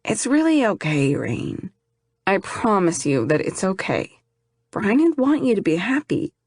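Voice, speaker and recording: A warm-hearted young man, read by a female audiobook narrator, gentle and playfully teasing as he comforts a friend. The reading is dry and close-miked. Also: medium pitch, sing-song, measured pace, no echo. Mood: reassuring.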